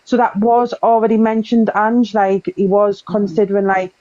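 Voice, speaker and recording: A woman's voice: medium pitch, level tone, normal speed, mellow. A woman on a live stream who keeps cutting in to explain and clarify things at length. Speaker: daughter of the guest. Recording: lo-fi line.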